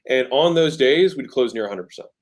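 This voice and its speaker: Man in his thirties, emphatic, mid-pitched voice, conversational guest. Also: expressive, brisk. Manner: emphatic, demonstrates tone shifts with his voice. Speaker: podcast guest, entrepreneur. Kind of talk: conversational teaching about sales.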